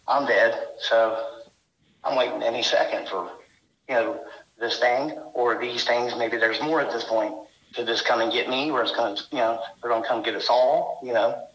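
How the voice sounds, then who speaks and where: A man's voice: medium pitch, normal speed, a bit bright. Guy telling his story all worked up, rambly, lots of you-knows, echoey room. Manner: rambling, intense, full of "you know". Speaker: guest recounting encounters. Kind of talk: emotional first-person storytelling.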